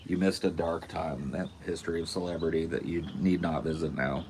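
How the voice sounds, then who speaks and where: A man's voice: low-pitched, fairly even intonation, brisk, a little mellow, slight background noise. A man co-hosting a podcast, chatting casually in loose, joking, slangy banter. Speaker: podcast co-host. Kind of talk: casual chat.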